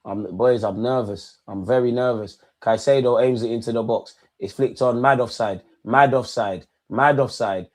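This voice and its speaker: A man's voice: mid-range voice, moderate pace, few pauses, a little mellow. A young man giving live, slang-filled commentary as a football fan hosting a match watchalong, repeating his phrases over and over.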